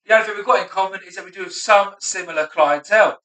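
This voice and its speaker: A man in his thirties rehearses stand-up alone at home, swearing freely and mocking himself between jokes. His voice sits high and sounds bright and edgy. The camera picks him up from across a room that rings a little. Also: quick pace. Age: 30s. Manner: self-mocking, sweary, muttering asides between punchlines. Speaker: stand-up comedian. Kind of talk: rehearsing a stand-up set aloud. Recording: roomy and distant.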